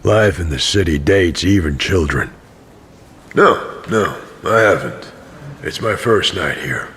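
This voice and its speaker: A man's voice: low voice, animated, a bit bright, slightly rough, exaggerated voice. A man narrating an audio drama as a tired, cynical wandering pilgrim. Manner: dry, tired, slow narration. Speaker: narrator and main character.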